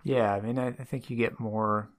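A man co-hosting a casual comic book podcast with dry, deadpan quips. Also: mid-range voice, moderate pace. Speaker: podcast co-host.

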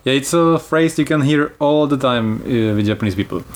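A man's voice: medium pitch, fairly quick. A man hosting a casual travel podcast, explaining things in a chatty way and laughing easily. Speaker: podcast host.

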